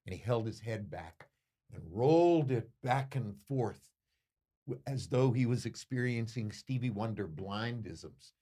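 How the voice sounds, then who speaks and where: An older man, a boxing commentator, answering interview questions with slow, reflective storytelling and emphatic pauses. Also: mid-range voice, lively intonation, mellow.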